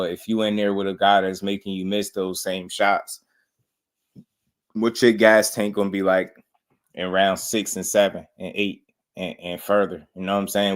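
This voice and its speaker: Man, lowish voice, casual slangy boxing commentary, laid-back. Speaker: boxing show host.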